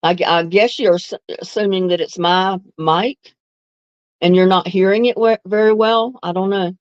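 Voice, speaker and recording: A woman's voice: mid-range voice, fairly even intonation, normal speed, dry recording, lo-fi sound. A woman hosts a casual live stream, chatting easily with viewers and laughing often. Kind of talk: casual live chat answering viewer comments.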